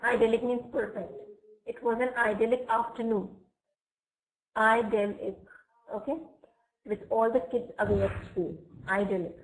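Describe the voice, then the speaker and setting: A woman's voice: fairly high pitch, fairly even intonation, poor audio. Patient woman teaching words online. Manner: patient, explains words slowly and checks "okay?" often. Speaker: English vocabulary teacher. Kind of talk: live online class.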